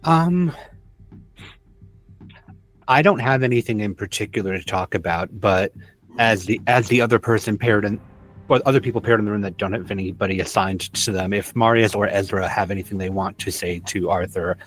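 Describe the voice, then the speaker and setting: Low-voiced man, easygoing tabletop player. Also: normal speed, a bit bright, poor audio. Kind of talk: casual tabletop play.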